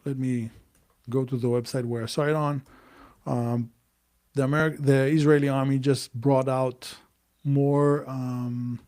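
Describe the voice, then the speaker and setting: A man's voice: mid-range voice, level tone, measured pace, a little mellow. A man hosting a live stream, talking bluntly and emphatically and hammering his points home. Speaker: host.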